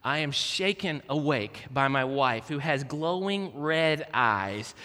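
A middle-aged man preaches with a lively, self-mocking storytelling manner, acting out the voices in his anecdotes. His voice sits high and sounds bright and forceful. It rings out with a long reverb, as if he were in a large church hall. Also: slow. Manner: animated, self-mocking, acts out quotes. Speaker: guest speaker. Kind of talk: storytelling sermon.

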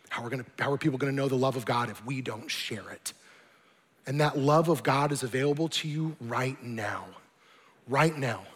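A man's voice: medium pitch, brisk, breathy edge. A man preaching as a pastor, earnest, building to emphatic appeals. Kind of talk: sermon. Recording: long reverb with soft music behind.

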